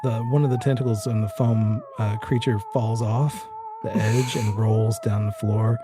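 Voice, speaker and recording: A man's voice: on the low side, fairly even intonation, a little slow, music in the background. A man running a tabletop game as game master, narrating scenes in a loose, descriptive way with fillers.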